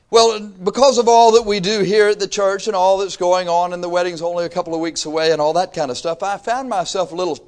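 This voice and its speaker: A man in his fifties with a drawl preaches a sermon, his voice set a little high for a man. He talks to the congregation in a folksy, conversational way, then climbs into emphatic bursts. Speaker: pastor.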